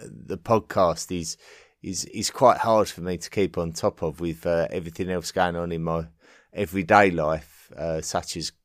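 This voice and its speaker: An English man hosting a podcast, answering listener messages in a casual, halting way with frequent ums and restarts. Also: sits low, fairly even intonation, dry recording, studio quality. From England. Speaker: podcast host. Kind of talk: casual listener-mail segment.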